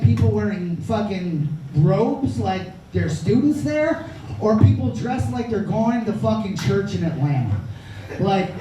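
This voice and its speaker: A man doing a crude, brash stand-up comedy set on a small club stage, with audience laughter behind him. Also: high voice. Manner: crude, brash, profane storytelling. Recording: echoey club from far off, noisy.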